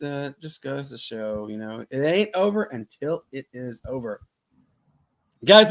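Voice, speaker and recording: A man co-hosting a casual sports podcast, loose and excitable, full of fillers and restarts. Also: fairly high pitch. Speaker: podcast co-host.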